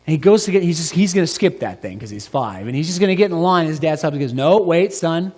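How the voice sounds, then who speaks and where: A male pastor delivering a sermon with animated storytelling, dropping from loud emphasis to near-hushed asides. His voice sits fairly high, and the hall adds a long reverb. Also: fast talker.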